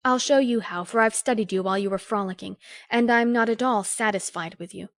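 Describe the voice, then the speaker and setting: A woman reading an audiobook, voicing an earnest, sharp-tongued young woman who lectures a friend in a crisp, scolding way. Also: mid-range voice, brisk, dry recording, studio quality, voice pushed up, natural voice. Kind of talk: audiobook character voice.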